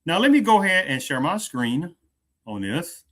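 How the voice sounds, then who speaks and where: On his opinionated commentary show, a man speaks emphatically, repeating phrases, stretching out stressed words and asking "do you understand." His slightly high voice moves at a normal speed with big pitch swings, shifting between loud and hushed.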